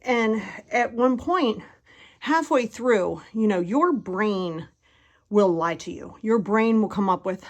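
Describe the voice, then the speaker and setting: A woman in her fifties, sweaty after a workout, giving a casual motivational talk at home, animated and chatty, acting out the voices in her head. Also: medium pitch, unhurried. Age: 50s. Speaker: motivational podcast host. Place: at home in a bedroom.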